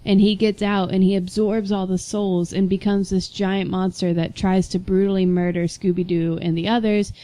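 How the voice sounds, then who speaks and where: A woman's voice: medium pitch, moderate pace, hardly any pauses, poor audio. A woman co-hosting a casual podcast chat, telling stories with lots of laughter. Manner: animated, laughing storyteller. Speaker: podcast co-host.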